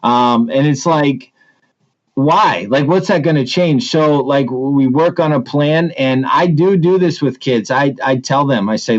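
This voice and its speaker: A man, an assistant principal, telling stories in a casual interview, animated and full of restarts. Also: medium pitch, unhurried, dull audio. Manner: animated storyteller with many restarts.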